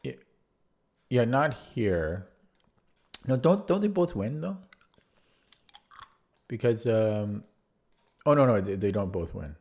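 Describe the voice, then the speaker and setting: A man's voice: on the low side, big pitch swings, slow pace, pauses often, darkish tone. Man thinking aloud over chess. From Canada. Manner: thinks aloud, repeats words and restarts while calculating; chatty replies to viewer chat. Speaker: chess streamer. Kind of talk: live-stream chess commentary, thinking aloud.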